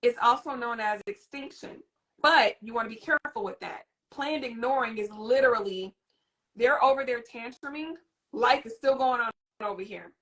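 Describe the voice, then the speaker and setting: A woman hosting a parenting talk, explaining in a lively, teacherly way and addressing the audience directly. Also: on the high side, normal speed. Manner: animated, teacherly, demonstrates a soothing voice. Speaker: host and parenting coach. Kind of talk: live interview chat.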